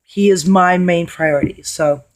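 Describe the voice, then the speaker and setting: A hoarse woman telling a story in a casual vlog, chatty and blunt, swearing freely. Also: fairly low pitch, measured pace. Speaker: vlogger.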